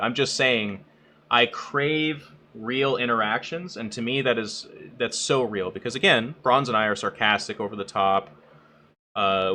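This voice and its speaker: Bright-voiced profane man in casual chat. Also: on the low side, slight background noise. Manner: blunt, profane, animated, acts out quotes in raised voice. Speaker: podcast co-host and streamer.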